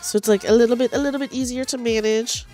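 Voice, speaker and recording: A woman's voice: on the high side, steady tone, fast talker, a little mellow, soft background music. A young woman streamer chatting casually while she knits, rambling and self-deprecating, often restarting her sentences. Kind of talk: casual chat while knitting.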